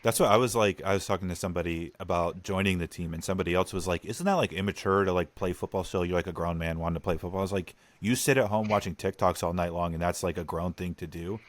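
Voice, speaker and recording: Deep-voiced young man in casual chat. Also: fast talker, hardly any pauses. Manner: animated, mocks people in put-on voices. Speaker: podcast co-host.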